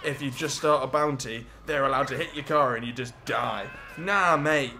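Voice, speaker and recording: A young man giving excitable, jokey gameplay commentary as a gaming YouTuber. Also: medium pitch, moderate pace, a little hiss or hum. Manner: excitable, jokey, swears and laughs often.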